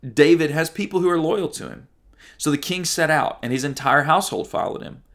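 A man's voice: on the high side, brisk, a bit bright. A man preaching a sermon as a pastor, earnest and conversational, reading Bible passages and mimicking people.

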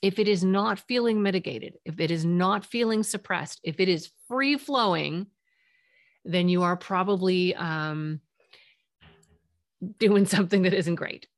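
Woman, podcast host, therapist, earnest and conversational, lowish pitch. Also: measured pace, no echo, studio quality. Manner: earnest, conversational, acts out short quotes. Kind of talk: solo parenting podcast talk.

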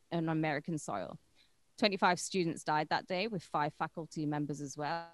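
A woman's voice: medium pitch, a bit bright, no echo. A woman co-hosting a podcast, telling a true-crime story in a casual, irreverent way with crude jokes along the way. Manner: irreverent and crude, joking between facts.

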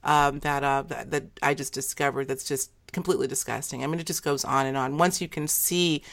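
Low-voiced enthusiastic woman host. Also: steady tone, a little fast. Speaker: interview host. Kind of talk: enthusiastic interview chat.

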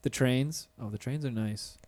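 A man's voice: medium pitch, measured pace, a little mellow. A man hosting a podcast in a studio, chatting casually, teasing and swearing freely. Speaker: podcast host. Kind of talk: casual chat. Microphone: studio microphone.

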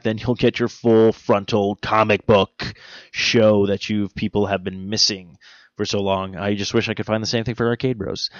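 A man's voice: on the low side, no echo, highs cut off. A man hosting a podcast alone, chatting in a rambling, self-deprecating way. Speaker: podcast host. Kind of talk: casual solo podcast monologue.

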